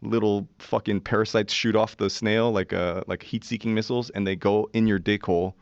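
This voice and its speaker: A man in his forties with a fairly low voice tells a story as a podcast guest, animated and profane, slipping into the voices of the people he quotes. His studio mic sounds dry and dull, with a lo-fi edge. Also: fairly quick, vocal fry, no room sound. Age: 40s. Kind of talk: casual storytelling.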